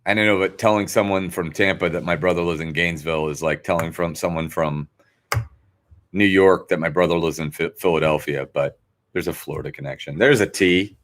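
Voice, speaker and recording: A man's voice: deep voice, fairly even intonation, brisk, a bit bright. A man hosting a trivia livestream from home, chatting casually and rambling from topic to topic. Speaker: trivia host.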